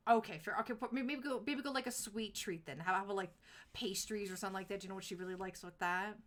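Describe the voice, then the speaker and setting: Bright-voiced chatty woman streamer. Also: medium pitch. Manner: chatty, rambling, heavy on "like" and quick laughs. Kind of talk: casual live-stream chat.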